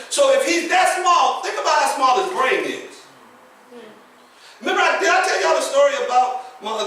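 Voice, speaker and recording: High, bright-voiced preacher in an echoey hall. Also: male voice, a little hiss or hum. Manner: folksy storytelling, laughs at his own jokes. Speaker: pastor. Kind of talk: sermon. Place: church sanctuary. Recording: echoey church hall, picked up from a distance.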